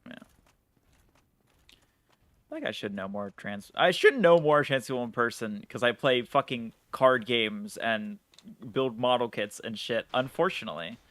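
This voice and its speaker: A man's voice: mid-range voice, expressive, unhurried, a bit bright, dry recording. A man streaming a game live, chatting casually in a rambling way, swearing and laughing at himself. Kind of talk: casual live-stream chat while gaming.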